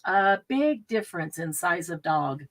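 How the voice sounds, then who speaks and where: A woman's voice: lowish voice, lively intonation, measured pace, fairly bright tone. Middle-aged woman hosting a live craft stream, chatty, laughs a lot, rambles. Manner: chatty, laughs often, loses her train of thought. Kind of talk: casual live-stream chat.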